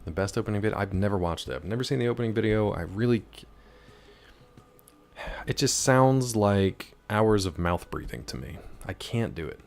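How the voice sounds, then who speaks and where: A man's voice: fairly low pitch, animated, moderate pace, vocal fry, darkish tone. Chatty man streaming a game. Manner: chatty, answers chat, jumps between topics. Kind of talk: casual live-stream chat while gaming.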